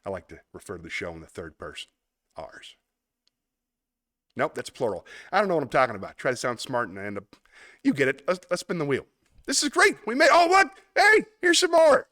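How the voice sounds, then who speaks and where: A man's voice: a little high, fast, dry recording, studio quality. Chatty man hosting a live stream. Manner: chatty, rambling, laughs often, animated bursts. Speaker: host. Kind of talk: casual live-stream chat reading comments.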